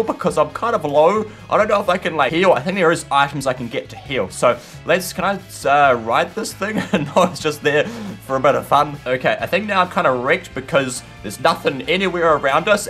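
A young man giving chatty, excitable commentary while playing a game, shouting in the fights. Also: on the high side. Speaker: gaming channel host. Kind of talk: casual gameplay commentary.

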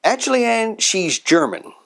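Man playing a patient news correspondent, hesitant, lively pitch, sketch comedy. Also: unhurried, gravelly.

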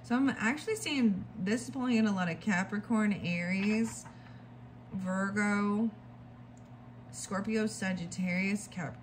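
A woman's voice: medium pitch, slow, a little hiss or hum. A woman giving a casual tarot reading to her viewers, chatting and thinking aloud as she reads passages from a book. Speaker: tarot reader.

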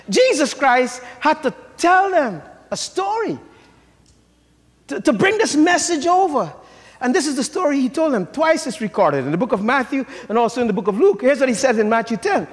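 An older man preaching a sermon as pastor, with shouted, rising emphasis and call-and-response to the congregation. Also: very high voice, very animated, normal speed. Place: church sanctuary. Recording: church sanctuary with long reverb.

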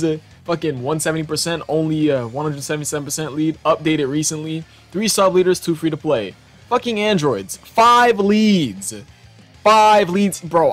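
A young man hosting a gaming channel, reacting to memes in casual, excitable commentary that is full of swearing and frequent laughter. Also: a little high. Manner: excitable, profane, laughs often.

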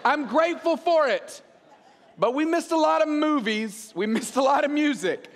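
Pastor man in his 40s, very high voice, lively joking sermon, long church-hall reverb. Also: moderate pace. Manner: animated, joking storyteller.

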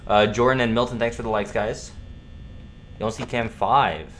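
A young man streaming a horror game, swearing, repeating himself and yelling at scares. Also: on the low side, steady tone, moderate pace, a little hiss or hum. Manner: profane, jumpy, repeats himself, yells at jumpscares. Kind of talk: live gameplay commentary.

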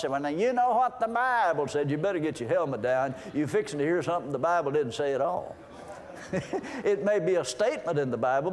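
A man's voice: on the high side, a little mellow. A man preaching a sermon in a folksy way, reading scripture aloud and explaining it. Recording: long hall reverb.

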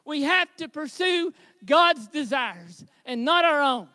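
A man preaching a sermon as pastor, with a high tenor voice, earnest and building to shouted exhortation. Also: lively intonation, takes it slowly, no echo.

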